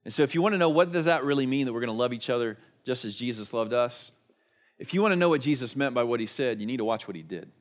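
A pastor delivering a sermon with a voice of ordinary pitch for a man. He talks to his congregation in a conversational way, posing rhetorical questions. His delivery moves between emphatic stretches and hushed, quiet passages. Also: animated, fast.

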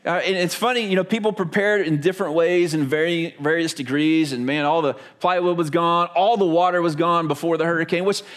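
Higher-voiced conversational male preacher. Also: fairly even intonation, fairly quick, hardly any pauses. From Florida. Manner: conversational storytelling preacher, asks the congregation questions. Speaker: pastor. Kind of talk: sermon.

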